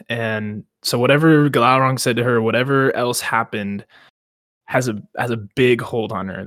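A man's voice: medium pitch, gravelly, fairly bright tone, no room sound, studio quality. A young man co-hosting a casual book podcast, retelling the plot with mock quotes and laughs. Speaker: podcast co-host.

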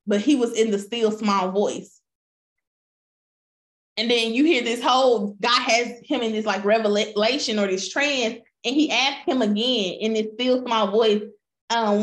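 A woman preaching a sermon, retelling scripture with lively voiced quotes and calling out to her listeners as y'all. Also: a little high. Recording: roomy echo.

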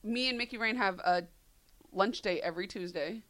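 A woman's voice: mid-range voice, moderate pace, bright, forceful tone. A woman in her thirties co-hosting a radio show, telling stories with lots of laughter and acted-out quotes. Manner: laughing storyteller, acts out quotes. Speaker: radio co-host. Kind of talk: casual chat.

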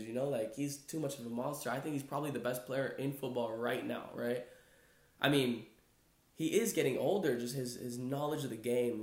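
A man's voice: mid-range voice, darkish tone. Rambling casual man in echoey room. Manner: loose, rambling, filler-heavy, says "bro" and "like" a lot. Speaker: podcast host. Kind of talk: casual sports chat.

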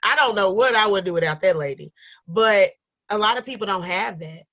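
A woman with a bright, clear voice talks openly about raising children alone. She speaks earnestly and emotionally, sometimes close to tears, then laughs it off. She sounds like a young adult in casual conversation. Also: mid-range voice, animated, brisk. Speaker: guest, single mother running a support group.

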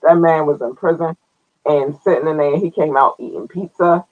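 A man's voice: fairly high pitch, normal speed, phone-quality sound. A man hosting his own podcast in a loose, playful way, with slangy asides as he reads out listener towns. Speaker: podcast host. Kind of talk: casual solo podcast chat.

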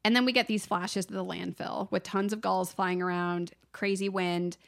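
Gravelly-voiced woman recapping a movie. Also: medium pitch, moderate pace. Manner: animated storytelling, acts out the film's lines. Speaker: podcast co-host. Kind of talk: casual movie recap chat.

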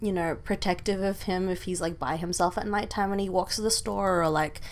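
A woman's voice: medium pitch, fairly even intonation, fairly quick. A young woman with an Australian accent, chatting casually as a filmmaker guest and telling stories with lots of filler words. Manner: chatty, storytelling, lots of likes and ums. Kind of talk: casual conversation.

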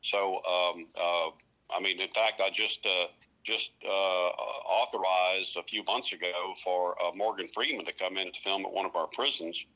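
A man's voice: low voice, steady tone, moderate pace, sharp tone, highs cut off. A man from North Louisiana, a guest telling stories with many fillers and restarts. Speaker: guest, prison communications director. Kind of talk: casual interview chat.

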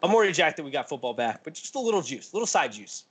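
A man's voice: on the high side, big pitch swings, rapid-fire, slightly rough. A man hosting a casual podcast, blunt and joking with mild cursing. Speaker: podcast host. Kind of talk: casual chat.

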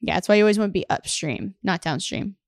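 A woman's voice: medium pitch, animated, fast talker, creaky, no echo, studio quality. Jokey Southern woman podcast host. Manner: jokey, blunt, explains from research notes. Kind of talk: casual chat.

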